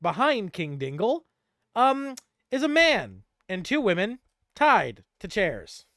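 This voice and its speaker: A man's voice: high-pitched, wildly swooping pitch, slow, bright, forceful tone, dry recording, clean studio sound. A young man narrating as game master of a tabletop game, rambling and restarting words.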